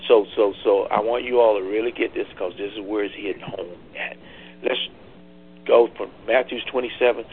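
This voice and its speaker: A man preaching a Bible study, drawing answers from listeners and rising from low teaching to loud cries. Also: steady tone, normal speed, a little hiss or hum. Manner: repeats words and phrases. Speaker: pastor leading Bible study. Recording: tinny phone-line call.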